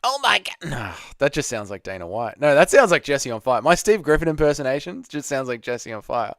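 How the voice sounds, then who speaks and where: A man's voice: mid-range voice, expressive, a little fast, no echo, studio quality. A young man hosting a casual live Q&A, reading chat messages aloud and bantering with viewers.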